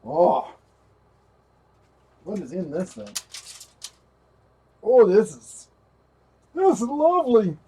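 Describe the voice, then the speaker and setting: A man's voice: sits high, wildly swooping pitch, slow pace, pauses often, mellow, slightly rough. A man hosting a livestream while rebuilding a computer, chatting casually, talking to his parts and his dog. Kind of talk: casual live tech narration.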